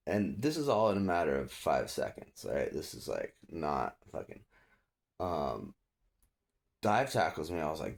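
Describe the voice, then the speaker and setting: In a deep, creaky, unhurried voice, a man tells a story casually and loosely, swearing freely and animatedly acting out what other people said.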